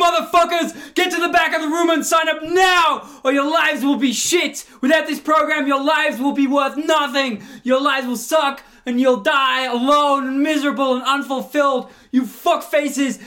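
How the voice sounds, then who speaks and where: A man's voice: very high-pitched, voice pushed up. A man voicing a sweet woman trainer who turns into a screaming, threatening saleswoman. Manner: yelling, threatening rant.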